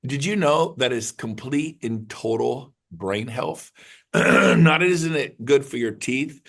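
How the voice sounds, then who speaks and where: A middle-aged man, a realtor, giving an excited, rambling motivational talk to his group. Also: medium pitch, takes it slowly, creaky. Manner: excited, rambling, jumps between numbers. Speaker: realtor leading a mastermind call.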